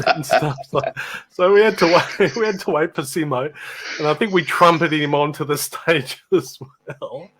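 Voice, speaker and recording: A man, co-hosting a casual chat and telling lively stories that act out the voices of the people in them. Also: on the high side, unhurried, breathy edge. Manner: lively storyteller acting out voices.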